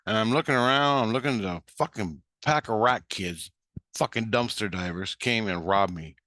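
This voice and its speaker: A man's voice: fairly low pitch, moderate pace, sharp tone, no echo, clean studio sound. A man telling a story in a blunt, heated way, swearing constantly. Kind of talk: casual storytelling.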